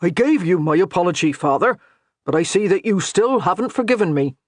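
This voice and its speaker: A man's voice: high voice, animated, a little fast, no room sound, clean studio sound. A man voicing a harried but patient castle steward in a medieval audiobook. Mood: earnest. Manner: earnest, strained patience.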